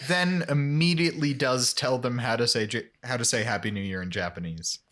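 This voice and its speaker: A man's voice: medium pitch, a little fast, fairly bright tone. A man co-hosting a casual rewatch podcast, recapping scenes and quoting characters with dry jokes. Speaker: podcast co-host.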